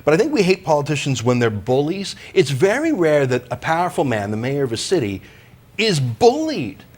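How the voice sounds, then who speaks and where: Husky, lively male interviewer. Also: a little high, moderate pace. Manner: emphatic, opinionated. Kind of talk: political talk show.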